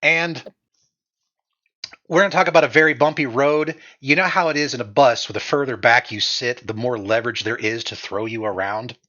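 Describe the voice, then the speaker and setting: A man running a tabletop game as game master on a live stream, goofy and animated, laughing often, on a slightly dull mic. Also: mid-range voice, moderate pace.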